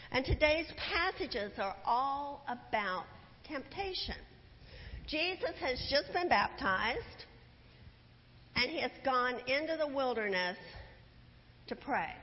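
Woman preacher, sermon; high voice, unhurried storytelling with rhetorical questions; dull church recording with long reverb. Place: church sanctuary.

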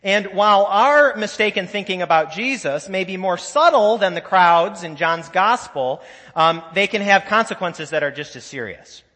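A man's voice: sits high, animated, normal speed, pushed and bright. A man preaching a sermon as a pastor, in a conversational storytelling way, with asides and voiced quotes from the people in his stories. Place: church sanctuary. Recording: long church reverb.

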